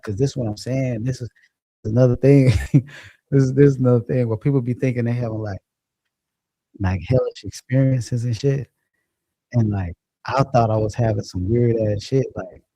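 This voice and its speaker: A man's voice: fairly low pitch, normal speed, warm tone, breathy edge, no room sound, rough recording. A man hosting a casual livestream, chatting loosely and profanely and laughing as he reads viewer comments. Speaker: livestream host. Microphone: phone or computer mic.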